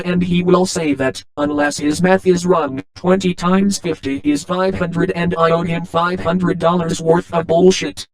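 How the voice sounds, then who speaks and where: A man's voice: sits high, measured pace, creaky, few pauses, clear, resonant tone, poor audio. A man narrating as a crude boastful robot monster. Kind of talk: comedic monologue narration.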